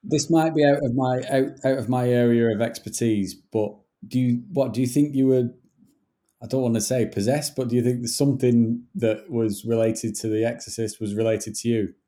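A man's voice: mid-range voice, steady tone, moderate pace, dark tone. A man hosting a podcast, asking careful, hesitant questions. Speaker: podcast host. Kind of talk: casual interview.

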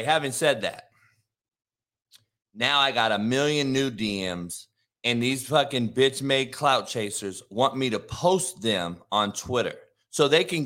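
High, bright-voiced man in a profane rant. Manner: profane, combative, shouting rants. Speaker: sports talk show host. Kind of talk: ranting live show monologue.

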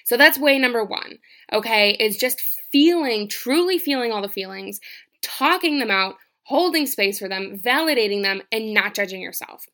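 A woman's voice: a little high, normal speed, bright, forceful tone. A young woman talking straight to her listeners with casual, earnest advice, emphatic and full of swearing and "like". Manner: earnest, emphatic, swears freely, lots of "like" and "right?".

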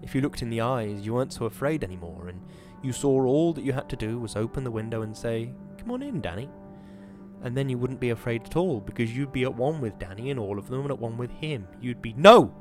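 A man hosting a podcast, giving a measured, dramatic reading of a horror novel and then chatting about it. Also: mid-range voice, warm tone, soft background music. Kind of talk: dramatic reading and casual commentary.

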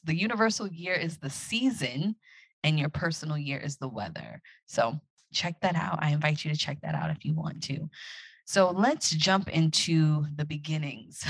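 A woman's voice: low voice, no room sound. A woman hosting a podcast alone, chatting casually and reflectively as she encourages her listeners. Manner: acts out her own excited inner voice. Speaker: podcast host. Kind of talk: casual solo podcast talk.

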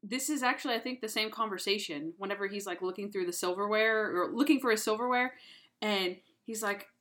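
A woman's voice: mid-range voice, a little fast, fairly bright tone. A woman co-hosting a podcast, chatting casually as she retells a TV episode with lots of "like". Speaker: podcast co-host. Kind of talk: casual chat recapping a TV episode.

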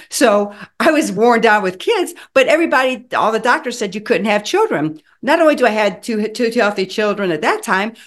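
A woman in her sixties telling her own story in an animated, dramatic way, acting out the lines of people in it. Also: mid-range voice. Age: 60s. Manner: animated, dramatic retelling with acted quotes. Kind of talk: personal storytelling.

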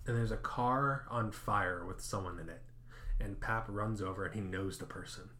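A man co-hosting a podcast, casually recapping a horror film in animated storytelling that acts out quotes. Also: on the low side, moderate pace, a little hiss or hum. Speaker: podcast co-host.

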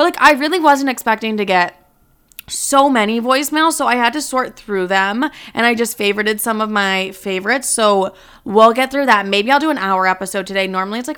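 A woman's voice: mid-range voice, fairly bright tone, clean tone. A young woman in her twenties hosting her podcast from home, chatting casually and joking with lots of swearing. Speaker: podcast host. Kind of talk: casual chat.

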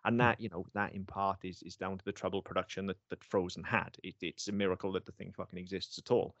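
A man with a low-pitched voice chats about films on a podcast. He is animated and sweary and laughs a lot. The recording is dry, with a dull, lo-fi sound. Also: fast, dry recording. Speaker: podcast co-host. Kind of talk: casual film review chat.

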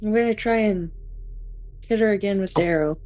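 A woman playing a tabletop role-playing game, lively and playful. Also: mid-range voice, fairly quick. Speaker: player.

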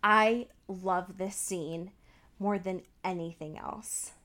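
A woman's voice: fairly low pitch, slow pace. A woman in casual chat, retelling a show's scenes with lots of swearing and filler words. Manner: animated storytelling with frequent swearing and "like" fillers. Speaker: podcast co-host recapping a TV show.

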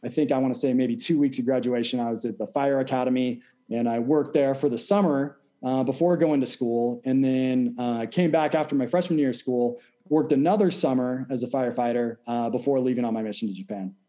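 A man in his thirties from California, a podcast guest talking in a measured, explanatory way and trailing off at the ends of sentences. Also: mid-range voice, warm tone. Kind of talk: casual interview chat.

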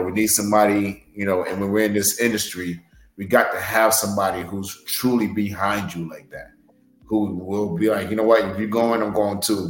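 A pro wrestler with a lowish voice tells stories about a match during a podcast interview. He rambles earnestly and uses lots of fillers. The recording is rough and reverberant.

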